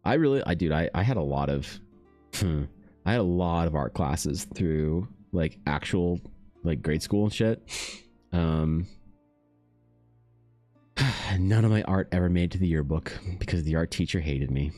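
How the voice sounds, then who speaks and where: Deep-voiced Canadian man telling a story. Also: measured pace, pauses often, soft background music. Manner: animated, swears casually, many restarts and fillers. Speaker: artist streamer. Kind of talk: casual storytelling on a livestream.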